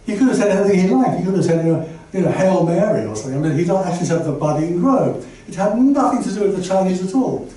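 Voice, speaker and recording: A man's voice: high voice, lively intonation, fast talker, few pauses, mellow. An older man giving a chatty, digressive public talk to an audience, full of asides and fillers. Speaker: guest lecturer. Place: lecture room with an audience. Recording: very echoey room, voice from far off, faint background noise.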